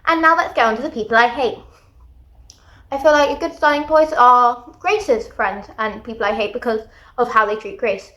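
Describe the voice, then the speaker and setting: A woman giving a casual book review vlog, talking in an animated, exasperated rant. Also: fairly high pitch, moderate pace. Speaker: book vlogger.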